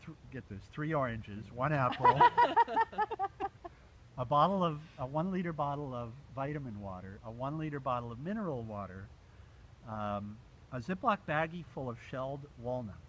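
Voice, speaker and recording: A man telling a story to a small group in a relaxed, animated way, laughing often and acting out the dialogue. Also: medium pitch, moderate pace, lo-fi sound. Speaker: storyteller recounting a pilgrimage walk. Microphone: phone. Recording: faint background noise, phone recording.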